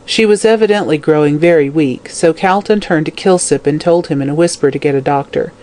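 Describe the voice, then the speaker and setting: A narrator reading a classic crime novel aloud in a steady, scripted audiobook style. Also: mid-range voice, fairly quick.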